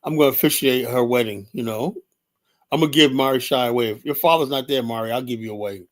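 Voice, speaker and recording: A man's voice: mid-range voice, quick pace. Rambling man hosting a live stream. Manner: rambling, laughs often, talks to chat by name. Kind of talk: casual live-stream commentary.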